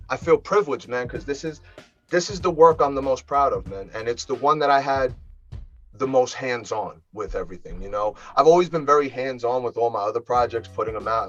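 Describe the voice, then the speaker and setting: A man from New York with a New York accent, a rapper chatting casually as an interview guest, animated and full of fillers. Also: mid-range voice, highs cut off. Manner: animated, laughs easily, many fillers.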